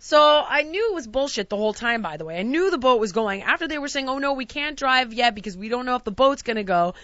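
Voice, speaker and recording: A woman's voice: a little high, expressive, quick pace, no room sound, muffled recording. A woman in casual chat, telling a long travel story and acting out the quotes with exasperated outbursts. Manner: acts out quotes, shouting in exasperation.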